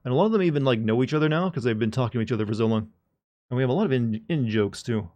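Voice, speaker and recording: A man's voice: medium pitch, animated, rapid-fire, mellow, highs cut off. A man chatting casually to his live-stream audience, joking and rambling with frequent restarts. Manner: joking, rambling, talks to chat.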